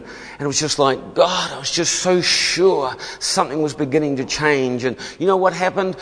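A man, preaching a sermon as an emphatic storyteller who laughs often. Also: medium pitch. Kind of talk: sermon testimony. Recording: long hall reverb.

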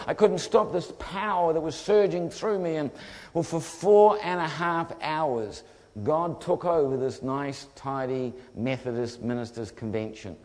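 Kiwi guy preaching, funny storytelling, bit high voice, hall echo all around. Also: moderate pace. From New Zealand. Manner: lively storyteller acting out voices. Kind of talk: humorous testimony sermon. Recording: long hall reverb.

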